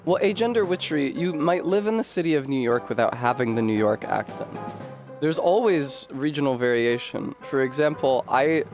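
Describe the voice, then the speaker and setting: A man's voice: a little high, lively intonation, normal speed, over music. A man with a Rhode Island accent, chatting casually and wordily while streaming a game. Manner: articulate, wordy, self-mocking. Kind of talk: casual gaming livestream chat.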